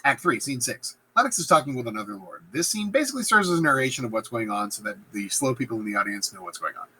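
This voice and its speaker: A man's voice: medium pitch, sing-song, fast, pushed and bright, breathy edge, poor audio. A man casually summarizing a play as a teacher, playful and joking as he talks. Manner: playful, acts out characters in silly voices. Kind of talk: casual plot summary lecture.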